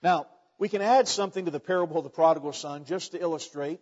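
A man's voice: on the high side, quick pace, a little mellow. A male preacher giving a folksy storytelling sermon, often restarting phrases. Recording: dull, echoey hall recording.

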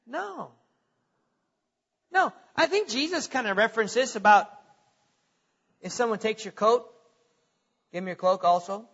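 High-voiced animated preacher man. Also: husky, muffled recording. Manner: animated preacher, rhetorical questions, chuckles at himself. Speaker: pastor. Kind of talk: sermon.

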